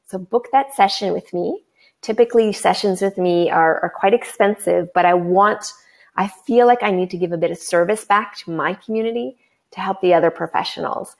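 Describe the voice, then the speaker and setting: Woman coach wrapping up a webinar, bubbly and gushing, bit of vocal fry. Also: mid-range voice, normal speed. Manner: effusive, bubbly, breathless excitement. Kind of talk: live webinar wrap-up.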